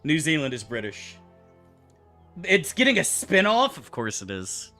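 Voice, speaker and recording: A man's voice: fairly high pitch, huge pitch swings, measured pace, pushed and bright, soft background music. A man streaming a game, answering his chat in loose, profane, rambling banter. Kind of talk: casual livestream chat, answering chat.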